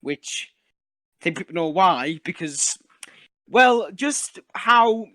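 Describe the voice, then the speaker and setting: A man's voice: high-pitched, animated, takes it slowly, sharp tone, slight background noise. A Geordie man chatting casually on a podcast, laughing often and swearing freely. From England. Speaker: podcast host. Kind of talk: casual chat.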